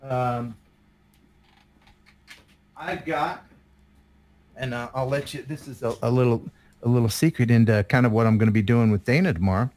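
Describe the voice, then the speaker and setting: A man in his fifties, a guest co-host on a live stream, chats casually in a mid-range, slightly dark voice. He moves at a moderate pace with frequent pauses, pokes fun at himself, and often trails off into laughter.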